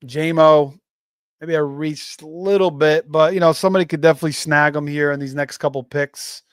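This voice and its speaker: Here the host's voice sits a little high, with a clean tone, fairly even intonation and a moderate pace. He chats loosely through his live fantasy football stream, stumbling into fillers and restarts as he reads chat, and the studio sound is clean with no echo.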